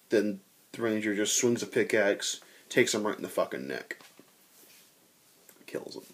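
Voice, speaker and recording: A young man telling a tabletop game story in a casual, animated way, swearing and acting out quotes. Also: lowish voice.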